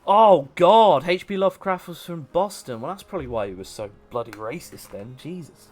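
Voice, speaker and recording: Animated man chatting on stream. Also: mid-range voice, brisk. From English Midlands. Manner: chatty, laughs often, reads and answers chat aloud. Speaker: livestream host. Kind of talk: casual gaming livestream chat.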